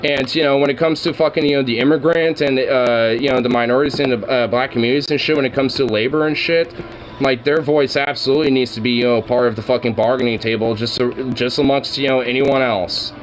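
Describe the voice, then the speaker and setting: A man's voice: mid-range voice, fairly even intonation, quick pace, soft background music, low-quality recording. A man streaming and chatting casually, swearing constantly and rambling heatedly with lots of fillers.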